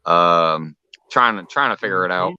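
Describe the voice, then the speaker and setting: A man's voice: low-pitched, expressive, moderate pace, bright, forceful tone, clean tone, no room sound, dull audio. A man hosting a casual livestream chat, laid-back and rambling, swearing casually. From Illinois. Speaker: livestream host.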